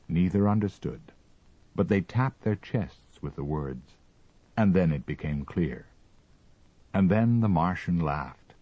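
A man narrating a story as an audiobook reading, with expressive, measured storytelling. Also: low voice, breathy edge, no echo, highs cut off.

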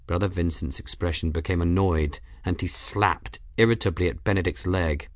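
A man reading a novel aloud as narrator, steady and measured. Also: sits low, no room sound, studio quality. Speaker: audiobook narrator. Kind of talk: scripted narration.

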